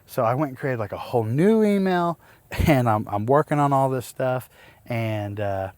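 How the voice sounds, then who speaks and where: A man's voice: mid-range voice, lively intonation, moderate pace, a little mellow, dry recording. Rambling, exasperated homesteading vlogger man. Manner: rambling, restarts, exasperated retelling with laughs. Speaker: homesteading YouTuber. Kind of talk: casual to-camera storytelling.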